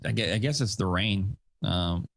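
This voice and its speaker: Speaking at normal speed in a low, gravelly voice, a male show host with young kids rambles through a casual podcast chat. Fillers and self-deprecating asides fill his talk, recorded with no room sound.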